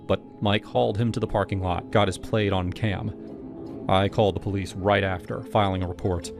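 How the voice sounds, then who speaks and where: A man narrating a scripted first-person horror story in a steady, even manner. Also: sits low, moderate pace, vocal fry. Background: music.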